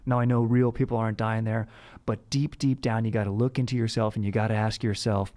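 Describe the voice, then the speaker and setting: A man's voice: lowish voice, little pitch movement, a little fast, dark tone. A young man hosting a comedy podcast, rambling in surfer-bro slang that is full of "dude" and restarts. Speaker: podcast host. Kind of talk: comedic bro-character monologue.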